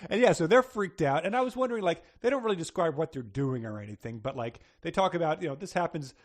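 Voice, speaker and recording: A man co-hosting a podcast, hoarse from a cold, chatting casually in a rambling way with fillers and laughter. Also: fairly high pitch, animated, quick pace. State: hoarse, getting over a cold. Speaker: podcast co-host. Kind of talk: casual chat.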